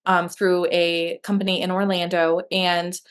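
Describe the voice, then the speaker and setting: A woman's voice: lowish voice, little pitch movement, a little slow, clean tone. A woman guest telling a personal story in a candid, emotional way, with many fillers and restarts. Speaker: guest sharing her adoption story. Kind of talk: conversational interview storytelling.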